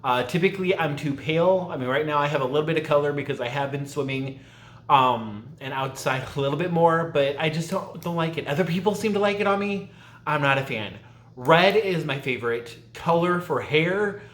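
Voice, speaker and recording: At home, a male YouTube vlogger films a casual, chatty tag video, rambling, interrupting himself mid-thought, and laughing often. His voice is fairly high, fairly quick, and fairly bright, with reverberation.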